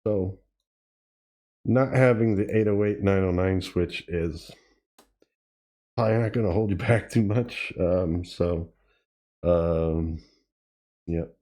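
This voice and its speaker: Low, dark-voiced man thinking aloud. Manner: thinking aloud, halting, with fillers and self-corrections. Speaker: tutorial host. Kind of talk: casual demo while playing. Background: drum machine sounds he is playing.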